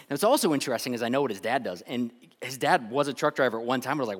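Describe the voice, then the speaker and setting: A man's voice: medium pitch, expressive, quick pace. Male pastor, mid-range voice, chatty sermon delivery with frequent restarts, long church reverb. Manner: conversational storytelling, often restarts and repeats words. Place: church sanctuary.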